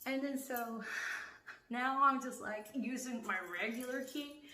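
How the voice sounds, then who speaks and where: A woman's voice: high voice, fairly even intonation, measured pace, bright, forceful tone, echoey room. A woman in a casual monologue, laughing often, swearing freely and dropping into whispers.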